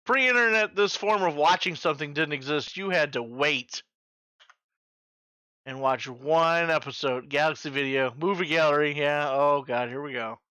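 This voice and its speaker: A man's voice: fairly high pitch, normal speed, pushed and bright, smooth, no room sound. A man in his forties hosting a trivia night in casual chat, joking, swearing freely and making sound-effect noises. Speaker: trivia host.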